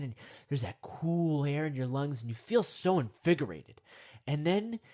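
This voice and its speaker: Often talking to himself, a young man rambles his way through a comic meditation monologue, leaping now and then into high, excited voices.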